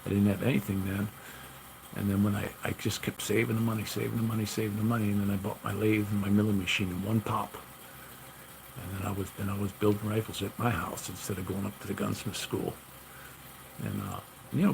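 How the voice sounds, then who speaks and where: A man's voice: fairly low pitch, steady tone, a little fast, vocal fry, background noise. A man casually telling long stories about his gunsmith work, rambling and repeating himself with lots of "you know". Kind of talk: casual storytelling.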